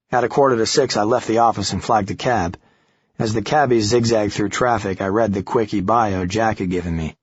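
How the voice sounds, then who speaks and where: A man narrates a first-person thriller in a steady, gritty way. His voice is low and husky. The sound is dry and slightly dull, like a lo-fi recording. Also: moderate pace, no echo. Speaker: audiobook narrator.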